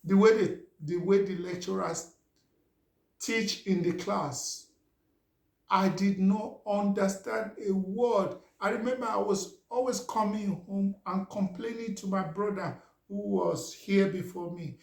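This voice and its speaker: A man's voice: high voice, steady tone, a little slow, creaky, a little mellow. A middle-aged Nigerian man, a Yoruba speaker, telling a casual story in a chatty way and often asking "you understand?". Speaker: vlogger. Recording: roomy echo.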